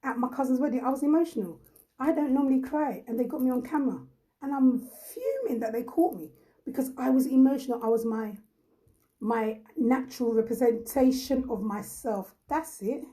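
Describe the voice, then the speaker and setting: A woman from Ghana hosting a casual live chat, her voice mellow and set a little high. She talks bluntly and emphatically, hammering points home by repeating them and reading viewers' comments aloud. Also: expressive, moderate pace, low-quality recording. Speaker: host.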